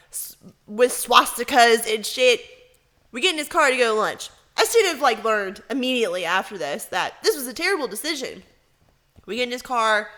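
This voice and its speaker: Woman, podcast co-host, casual chat, lively profane storytelling, fairly high, bright tone.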